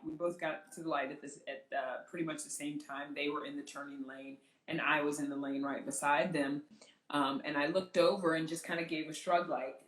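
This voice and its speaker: A woman, an entertainment journalist, telling a personal story in conversation as an interview guest, acting out what others said with lively energy. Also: low-pitched, normal speed, reverberant, rough recording. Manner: animated, vividly re-enacts the voices of others.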